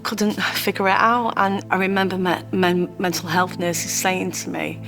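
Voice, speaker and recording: A woman speaks in a low, heartfelt voice, sharing a personal story with pauses and restarts. Soft music plays underneath her. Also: flat delivery. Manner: emotional, heartfelt, halting. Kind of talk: personal testimony.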